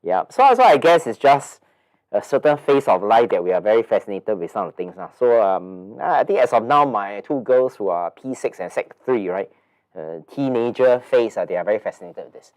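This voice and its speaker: A man's voice: lowish voice, big pitch swings, a little fast, a little mellow. A man in his forties with a Singaporean English accent and a nasal, blocked-nose voice, hosting a casual webinar in a chatty, rambling way with many fillers and repeated words. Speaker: webinar host.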